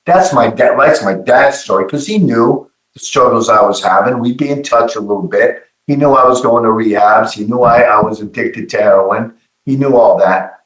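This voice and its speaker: A middle-aged man telling a personal testimony in an earnest, halting way, often repeating his words. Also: medium pitch, fairly bright tone, roomy sound, rough recording. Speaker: guest giving testimony.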